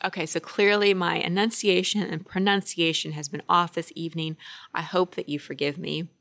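A woman's voice: fairly low pitch, level tone, moderate pace, fairly bright tone, dry recording, clean studio sound. A woman relationship coach co-hosting a casual podcast chat, talking in an earnest, upbeat way.

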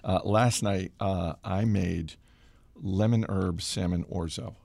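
Middle-aged male podcast host, animated and self-deprecating, low and gravelly. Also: slow, no echo, studio quality. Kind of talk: casual chat with host-read ad.

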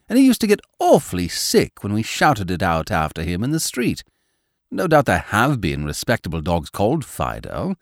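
A man's voice: fairly low pitch, no room sound, studio quality. A man reading a storybook as a wry, easygoing male dog narrating his own tale. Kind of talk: audiobook narration.

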